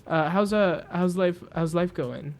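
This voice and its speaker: A man voicing a jittery, nervous young mechanist who stammers and rushes his words. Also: sits high. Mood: nervous, eager. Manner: stammering, rushed, over-eager.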